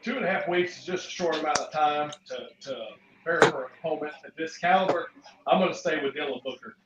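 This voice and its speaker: A man's voice: on the high side, fast, heavy background noise. A man on a panel giving his picks in casual chat, hesitant with many fillers. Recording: distant roomy lo-fi with loud crowd.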